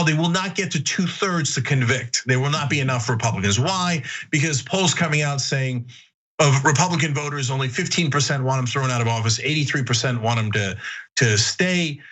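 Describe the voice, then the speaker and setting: A man's voice: medium pitch, poor audio. A man hosting a political commentary show, talking emphatically with sudden mocking outbursts. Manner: emphatic, animated, shouts mockingly at times.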